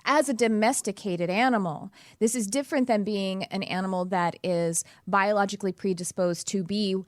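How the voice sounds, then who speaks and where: A woman's voice: medium pitch, normal speed, no room sound. Earnest woman hosting a podcast chat. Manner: earnest, restarts often, laughs easily. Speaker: podcast host. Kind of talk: casual conversational interview.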